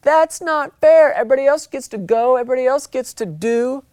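Preacher doing a whiny little kid, high and loud, protesting it's not fair, dry close sound. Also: male voice, fairly quick, clear, resonant tone, no room sound. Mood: whining. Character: whining young child protesting unfairness.

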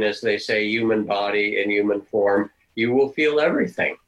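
An older man giving a dharma talk as a meditation teacher, telling stories in a gentle, unhurried, reflective way. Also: mid-range voice, low-quality recording.

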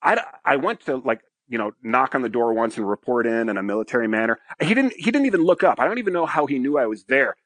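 Bright, animated male storyteller. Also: medium pitch, fast talker, hardly any pauses, no echo. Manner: animated, profane, keeps asking "right?". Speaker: podcast guest, former fighter pilot. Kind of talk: casual anecdote storytelling.

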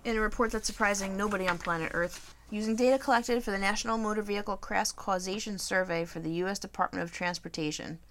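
A woman's voice: medium pitch, fast talker, a bit bright, slight background noise. A woman co-hosting a casual podcast, reading a news item with dry, teasing asides. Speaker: podcast co-host.

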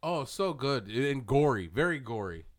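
A man in a casual podcast chat, riffing in an animated, profane way. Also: mid-range voice, moderate pace.

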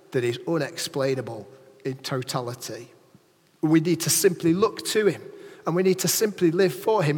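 High, husky preacher in a reverberant church. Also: male voice. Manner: lively, chatty, asks the congregation questions. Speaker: pastor. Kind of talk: sermon.

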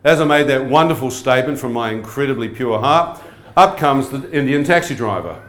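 A man's voice: mid-range voice, fairly quick, a bit bright. Male preacher, testimony sermon, humorous, quizzes the audience, roomy church sound. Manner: humorous, asks the crowd frequent questions. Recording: echoey hall.

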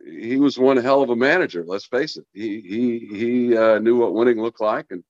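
A man's voice: medium pitch, normal speed, darkish tone, no room sound. A man, a former baseball player, chatting on a podcast and telling long stories with restarts over a dull, dry remote line. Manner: storytelling, rambling with restarts. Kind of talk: casual podcast chat.

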